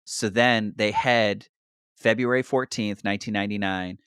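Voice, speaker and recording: A man's voice: lowish voice, moderate pace, clear, resonant tone, no echo. Man, 30s, podcast co-host, loose and profane recap energy, dry close mic. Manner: animated, profane, laughing asides. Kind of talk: casual wrestling recap chat.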